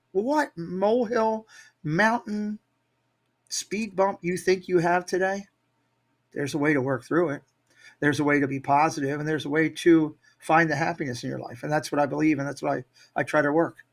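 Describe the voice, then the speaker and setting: Upbeat man, fairly high voice. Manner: energetic, upbeat, motivational. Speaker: guest, Disney YouTube creator. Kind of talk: casual interview storytelling.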